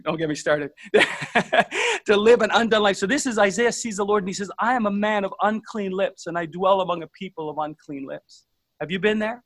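Male preacher, high voice, earnest, halting restarts, dry close sound. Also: fairly bright tone, no room sound. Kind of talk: sermon.

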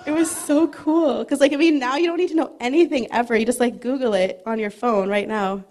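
A middle-aged woman giving a casual, chatty sermon, joking at her own expense and reading scripture slowly. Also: a little high, fairly even intonation, darkish tone. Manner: chatty and self-deprecating, laughs often, reads scripture slowly. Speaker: preacher.

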